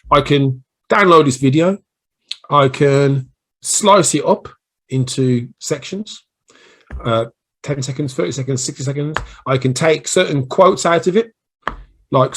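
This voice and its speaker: A man's voice: medium pitch, husky. A man with a Brummie accent giving a casual solo video training on marketing, chatty and rambling with self-deprecating asides. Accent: Birmingham English (Brummie). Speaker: small business marketing coach. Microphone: recording himself on camera.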